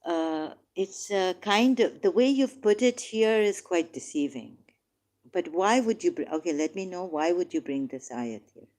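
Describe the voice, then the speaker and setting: A woman's voice: fairly low pitch, lively intonation, measured pace, darkish tone. A woman in a heated religious debate who reads verses aloud and insistently corrects the other speaker. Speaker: debate participant.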